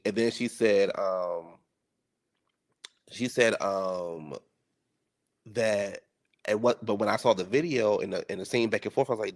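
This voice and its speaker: A man's voice: on the low side, measured pace, pauses often. A man giving sassy, teasing commentary while reacting to a reality show.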